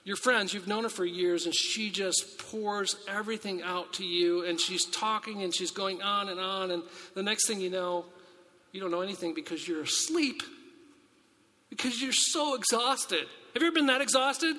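A man preaching a sermon after reading scripture, talking earnestly and conversationally with many rhetorical questions and quick restarts. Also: sits high, sharp tone. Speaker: pastor. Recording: long hall reverb.

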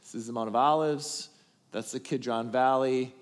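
At a moderate pace, a mid-range-voiced male pastor delivers a story-driven sermon to his congregation, alternating loud emphatic stretches with softer asides in animated build-ups. The sound is that of a big room.

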